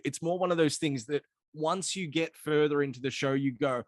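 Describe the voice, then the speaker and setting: A man co-hosting a podcast, chatting in an excitable, profane way. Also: a little high, a little fast, few pauses, dry recording, clean studio sound. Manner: excitable, swearing. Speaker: podcast co-host. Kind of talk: casual chat.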